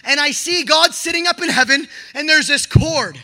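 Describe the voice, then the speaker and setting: Young man, very high voice, sharp bright tone, excitable slangy storytelling, bursts of shouting. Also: moderate pace. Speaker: storyteller sharing a testimony. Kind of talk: animated personal testimony.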